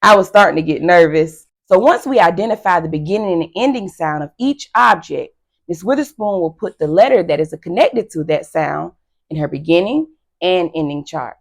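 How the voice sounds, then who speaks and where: A woman teacher giving a phonics lesson to young children, slow and encouraging with frequent praise. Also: fairly low pitch, lively intonation, vocal fry.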